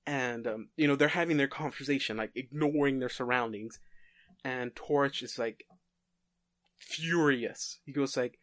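Halting man telling a story. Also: mid-range voice, a bit bright, dry recording, studio quality. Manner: halting, many fillers and restarts. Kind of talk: casual story pitch.

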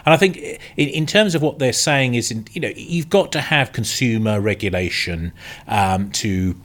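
A man from the UK on a podcast panel, giving opinionated analysis in a halting way with many restarts. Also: mid-range voice, a bit bright. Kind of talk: casual panel discussion.

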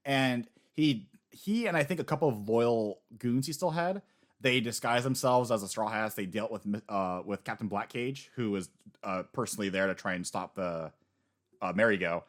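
A man casually discussing anime on a podcast, lively and laughing often. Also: fairly low pitch, normal speed. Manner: animated, laughs often, acts out quotes.

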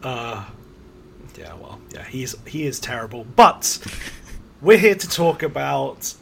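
A man's voice: medium pitch, big pitch swings, takes it slowly, vocal fry, a bit bright, slight background noise. A man hosting a casual film podcast, wry and jokey, often laughing. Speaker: podcast host.

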